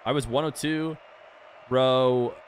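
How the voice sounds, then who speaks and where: A young man streaming a game and chatting casually with his viewers in a relaxed, rambling way. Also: mid-range voice, slow pace, slight background noise. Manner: relaxed, rambling, talks straight to chat. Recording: music playing clearly behind the voice.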